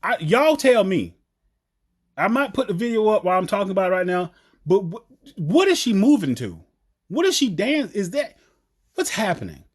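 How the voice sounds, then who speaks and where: A man from the American South with a Southern accent, giving a blunt, animated opinion rant about a TV show. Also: high voice, moderate pace, husky. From Southern United States. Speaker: TV commentator.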